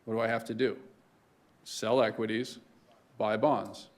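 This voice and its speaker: A man's voice: lowish voice, steady tone, unhurried. A man giving a conversational lecture to a room of students as a guest speaker, often checking in with "right?". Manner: conversational, keeps asking "right?".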